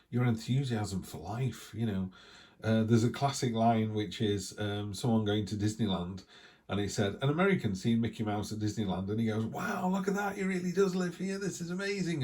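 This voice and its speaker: A man's voice: lowish voice, a little mellow. A middle-aged man with an English accent giving a casual, rambling weekly tarot reading, breaking off now and then to cough. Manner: chatty, rambling, with asides. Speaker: tarot reader.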